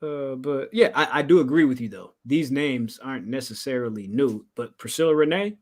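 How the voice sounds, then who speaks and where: A man co-hosting a podcast, chatting casually in laid-back slang with quick laughs. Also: mid-range voice, a little mellow. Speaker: podcast co-host. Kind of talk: casual chat.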